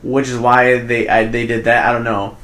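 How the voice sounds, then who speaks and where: A man's voice: medium pitch, flat delivery, a bit bright. Guy rambling thru a movie plot on a podcast, doing little voices, echoey room. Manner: rambling retelling, quick bursts, acts out quotes. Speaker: podcast co-host. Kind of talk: casual movie review chat. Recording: roomy echo.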